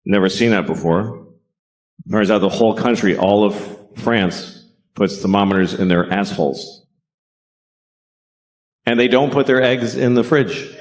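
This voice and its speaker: A middle-aged man doing a stand-up comedy set on stage, deadpan and profane, acting out bits. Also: on the low side, unhurried, long pauses. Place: stage before a live audience.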